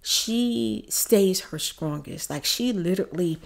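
A woman's voice: mid-range voice, expressive, takes it slowly, vocal fry. Tearful woman telling a story. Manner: emotional, tearful storytelling, drifts into soft whispers. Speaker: ASMR story-time vlogger. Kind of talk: casual story time while doing makeup.

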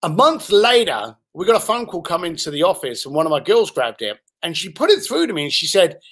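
A man's voice: fairly high pitch, big pitch swings, a little fast, fairly bright tone. A man, a podcast guest, telling anecdotes with animation and acting out the voices of the people in them. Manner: acts out other people's voices while telling stories.

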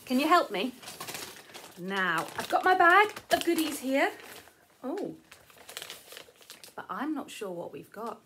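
A woman's voice: sits high, very animated, takes it slowly, long pauses, sharp tone, slight background noise. A woman teacher giving a playful, sing-song lesson to young children.

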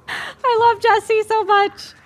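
Excitable high-voiced woman gamer. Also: slight background noise. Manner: excitable, cursing, laughing, yelping when startled. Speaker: game streamer. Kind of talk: live gameplay reactions.

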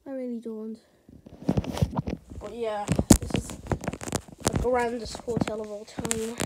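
A woman's voice: fairly high pitch, level tone, takes it slowly. Rambling young woman vlogging, out of breath. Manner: rambling, chatty, many fillers and restarts. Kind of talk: casual vlog chat. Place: hotel room. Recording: loud background noise. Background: loud noise.

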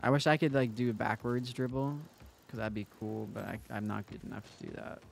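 Young man, game streamer, casual chat with viewers, teasing, joking asides, middle pitch. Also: fairly quick, creaky, slight background noise.

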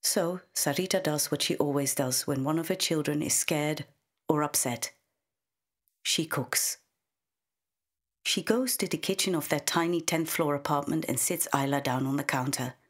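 A woman narrates a short story in a measured, intimate way. Her voice sits low and carries a husky, breathy edge. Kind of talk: scripted narration.

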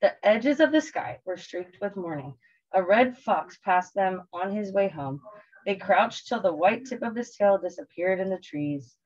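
A woman teacher reading a picture book aloud to children in a gentle, expressive storytelling way. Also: medium pitch, a little slow, dull audio.

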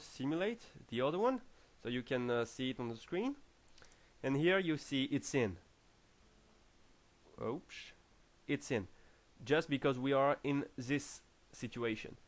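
Slow, halting French-accented man teaching. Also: medium pitch. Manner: halting, many fillers and restarts. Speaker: programming tutor. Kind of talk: screen-recorded coding tutorial.

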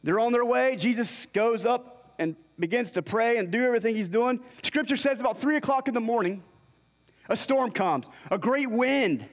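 A man's voice: very high voice, lively intonation, normal speed. A man preaching a sermon in a church, telling a scripture story and acting out the characters' lines. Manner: storytelling, acts out the dialogue in scripture. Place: church sanctuary. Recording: long hall reverb.

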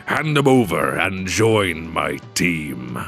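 A man's voice: low voice, very animated, vocal fry, a bit bright, soft background music, full character voice. A man putting on a drawling Southern devil. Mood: smug. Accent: Southern US put-on. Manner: slow drawling threats. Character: scheming menacing male devil boss.

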